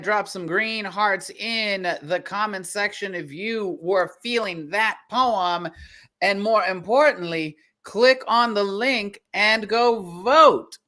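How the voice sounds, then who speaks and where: A host running a virtual poetry slam over a video call, energetic and hyping up the audience. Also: mid-range voice. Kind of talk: live-stream hosting.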